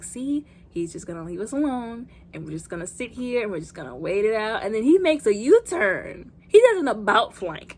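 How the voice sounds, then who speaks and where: A woman, recapping a movie in a chatty, animated way, often exclaiming. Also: a little high, breathy edge. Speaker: movie reviewer.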